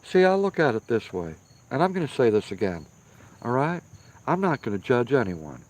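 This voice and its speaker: Sitting outdoors by a firepit, a man chats casually with his live-stream viewers and reads their comments, emphatic and repeating himself for stress. His mid-range voice is darkish and sing-song, at normal speed.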